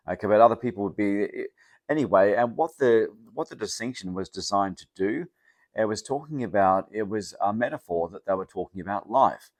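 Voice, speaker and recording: A man's voice: low voice, brisk, no room sound. A man giving a rambling, casual motivational talk to the camera, often checking in with "yeah?". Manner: rambling, loose, with many restarts and "yeah?" checks. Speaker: vlogger.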